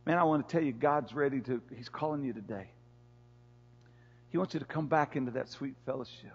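A man's voice: mid-range voice, a little fast, breathy edge. A man preaching a sermon as pastor in a church, pleading with his listeners in an impassioned, repetitive way. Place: church sanctuary. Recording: echoey church hall, dull lo-fi sound.

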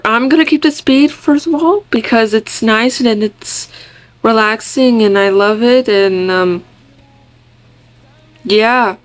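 Slow-talking young woman narrating her game. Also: on the high side, dry recording. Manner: chatty, easily startled, talks to viewers. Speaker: gaming vlogger. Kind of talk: casual game commentary.

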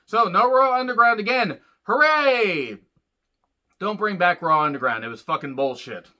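A man's voice: sits high, fairly quick, sharp tone. A man giving a casual, profane, sarcastic rant reviewing a show, rambling loosely as he talks. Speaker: wrestling reviewer. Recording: dull lo-fi sound.

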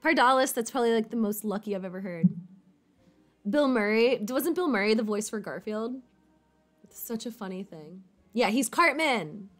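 A woman's voice: a little high, lively intonation, normal speed, soft background music. Rambling, casual woman chatting with viewers. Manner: rambling, fillers like "like", casual swearing. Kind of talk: casual chat.

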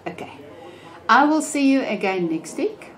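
An older woman tells a story on her podcast. Her voice sits a little high and she often breaks into laughter. A faint hiss of background noise runs under the recording. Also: measured pace. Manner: animated, laughs often while telling stories. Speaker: podcast host. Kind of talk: casual storytelling monologue.

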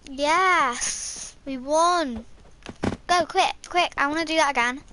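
A woman's voice: high-pitched, takes it slowly, sharp tone, a little hiss or hum. A young woman giving playful, casual commentary while she plays a game, humming and singing little repeated lines to herself. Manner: playful, sings and hums to herself. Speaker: gamer.

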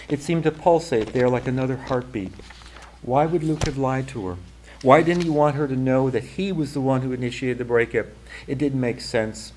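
Man reading his own novel aloud, calm and measured, plain middle pitch. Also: a little hiss or hum, rough recording. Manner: measured, even narration. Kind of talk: literary fiction reading.

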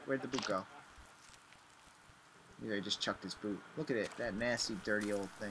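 A young man commentating as he plays a horror game, excitable, with sudden yelps and shouts. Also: medium pitch, fairly quick, pauses often, slight background noise. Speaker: gaming video host. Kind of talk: let's play commentary.

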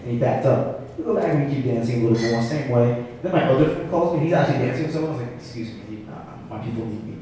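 A male stand-up comedian telling an animated, self-mocking story live at a comedy venue. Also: mid-range voice, rapid-fire, a little hiss or hum. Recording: echoey room heard from a distance.

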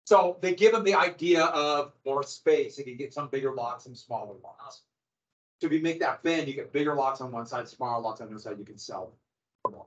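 A man's voice: mid-range voice, a little fast. A middle-aged man teaching a class in a conversational lecture style, with wry sarcastic asides. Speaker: high school history teacher. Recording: dull lo-fi classroom recording.

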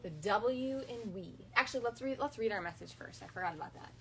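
A young woman teaching an online kindergarten lesson at home, patient and instructive, slowly modeling phrases for children to repeat. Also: medium pitch, expressive. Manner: patient, instructive, frequent gentle redirections; slow, sing-song modeling of phrases for repetition. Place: home, filmed for online class.

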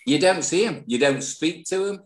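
Lively, rambling podcast host. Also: male voice, on the high side, normal speed. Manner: rambling, restarts words, joking. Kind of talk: casual podcast chat.

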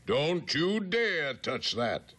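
A man playing Santa Claus in an old animated TV special, sternly scolding at a slow, deliberate pace. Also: fairly high pitch, slightly rough, heavily acted. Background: music score.

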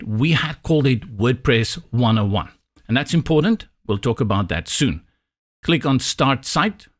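A man from South Africa whose first language is Afrikaans, walking through a software tutorial step by step with a dry, slightly sarcastic manner. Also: mid-range voice. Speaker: tutorial instructor. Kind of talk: screen-recorded software tutorial.

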